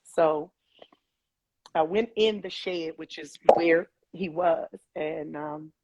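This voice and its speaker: Husky-voiced woman telling a painful story. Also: sits low, warm tone. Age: adult, mother of older kids. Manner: vivid retelling, acts out quoted dialogue, halting restarts. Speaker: guest telling her story. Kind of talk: emotional personal storytelling. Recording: dull, slightly muffled dry sound.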